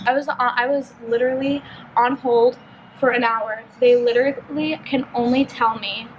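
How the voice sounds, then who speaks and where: Young female vlogger from California, high voice, chatty and filler-heavy, telling a story while doing her makeup at home. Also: moderate pace, dull audio, a little hiss or hum. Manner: chatty, filler-heavy, animated retelling with lots of "like". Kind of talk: casual get-ready-with-me storytelling.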